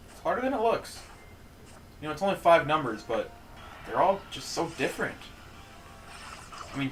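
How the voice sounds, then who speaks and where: A man's voice: medium pitch, a bit bright, poor audio. A man casually chatting and joking while streaming a game, rambling and poking fun at himself. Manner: joking, rambling, self-mocking. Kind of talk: casual gaming stream chat.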